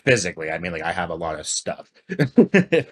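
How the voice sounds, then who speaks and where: Low-voiced man rambling casually. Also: very animated, a little fast. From Canada. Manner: rambling, many fillers and restarts. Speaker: podcast co-host. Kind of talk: casual chat.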